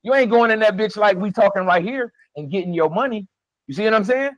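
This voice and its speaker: Man, high-pitched, emphatic and profane, dry close sound, heated casual talk. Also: quick pace, no echo, poor audio. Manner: emphatic, profane, laughing often. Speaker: podcast co-host.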